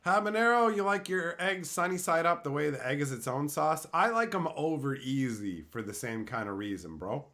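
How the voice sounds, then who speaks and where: A man's voice: on the high side, moderate pace, few pauses, sharp tone. A young adult man streaming and reading chat aloud in casual talk, ranting with exasperated disbelief and frequent swearing.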